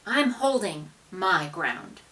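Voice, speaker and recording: A woman's voice: on the low side, sing-song, slow pace, sharp tone, distant mic, full character voice, poor audio. A woman voicing a determined, dramatic young girl who declaims grand quotations and cries out defiantly, in a storybook.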